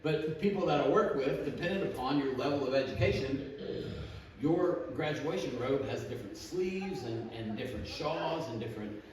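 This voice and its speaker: A man preaching a relaxed, conversational sermon, often restarting his sentences and filling pauses with "um" and "you know". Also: medium pitch. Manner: informal, frequent restarts and fillers. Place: church. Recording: very echoey room, distant mic, background noise.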